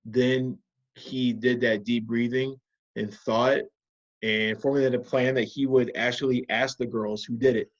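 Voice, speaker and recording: A man teaching a video lesson to children, patiently walking them through calming techniques with guiding questions. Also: medium pitch, measured pace, muffled recording.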